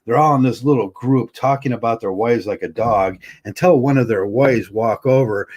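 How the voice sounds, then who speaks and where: A man's voice: mid-range voice, normal speed, hardly any pauses, darkish tone, husky. A man hosting a livestream, ranting heatedly and bluntly, often stumbling and restarting his words. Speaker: livestream host.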